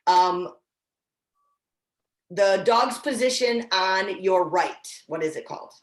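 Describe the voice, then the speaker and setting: A woman's voice: mid-range voice, expressive, takes it slowly, reverberant. A woman instructor teaching dog training in a casual, encouraging way, often restarting her sentences. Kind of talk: online training class.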